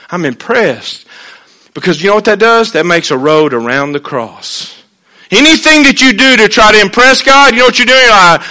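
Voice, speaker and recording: Folksy man preaching with bright force. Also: sits high. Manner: folksy, swings from hushed asides to loud emphatic preaching. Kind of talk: sermon.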